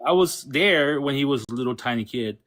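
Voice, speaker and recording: A man's voice: mid-range voice, lively intonation, fairly quick, fairly bright tone. Man, former pastor, guest, hesitant speech full of fillers. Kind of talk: casual chat.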